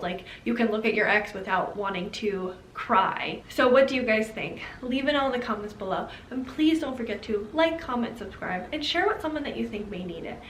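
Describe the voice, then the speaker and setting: Woman giving earnest breakup advice. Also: on the high side. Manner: earnest, direct, second-person advice. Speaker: advice vlogger. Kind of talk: casual advice vlog. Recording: roomy with faint background hiss.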